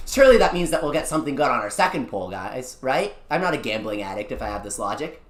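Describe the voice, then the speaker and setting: A young-adult VTuber streamer chatting casually with viewers during a game, excitable and slangy, swinging from low mutters to loud wails. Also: brisk, a little hiss or hum. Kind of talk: casual live-stream chat over a mobile gacha game. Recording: echoey room.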